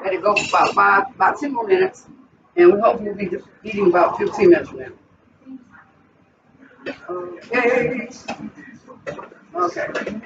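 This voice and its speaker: A woman's voice: mid-range voice, expressive, normal speed, long pauses. A woman hosting a cooking vlog in her home kitchen, chatting straight to her viewers as she cooks. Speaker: cooking channel host. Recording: distant, muffled, noisy.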